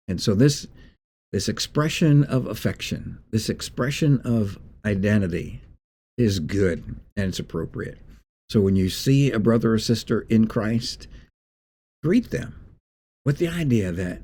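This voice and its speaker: A man preaching a short devotional with a low, husky voice and a warm, mellow tone. His delivery is folksy and conversational, like he is chatting with his congregation. He pauses often and restarts phrases. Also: expressive. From Northeast Indiana. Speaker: pastor.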